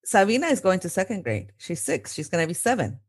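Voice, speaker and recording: A woman's voice: fairly low pitch, big pitch swings, fast, slightly rough. A woman in her thirties co-hosting a podcast in casual chat, laughing often and mixing in Spanish phrases. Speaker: podcast co-host.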